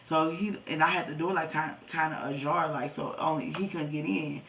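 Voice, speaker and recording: Young woman vlogger with a gravelly, creaky voice, blunt and profane, speaking a bit off-mic. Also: low voice, fairly even intonation, moderate pace, fairly bright tone, distant mic, a little hiss or hum. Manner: profane, blunt storytelling, talks to viewers as y'all. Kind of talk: storytime vlog.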